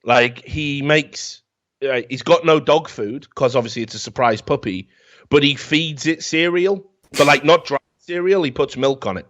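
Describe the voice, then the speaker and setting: A man's voice: a little high, normal speed, fairly bright tone. A man, hosting a talk show and ranting comically about a film in a profane, rambling, mocking way. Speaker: podcast host. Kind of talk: comedic film rant. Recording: dull lo-fi sound.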